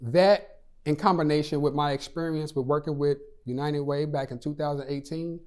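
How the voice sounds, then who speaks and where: A man's voice: fairly high pitch, fairly even intonation, normal speed, a little mellow. Man telling an earnest personal story. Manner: earnest storytelling, voice rising and dropping for emphasis. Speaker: charity impact speaker. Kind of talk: personal story told in a prepared talk.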